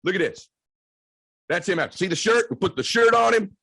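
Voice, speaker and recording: A man in his forties giving a motivational speech to a live audience, telling a story with quick, energetic delivery and loud shouts at the high points. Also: vocal fry, dry recording. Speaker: motivational keynote speaker. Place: event stage before a live audience.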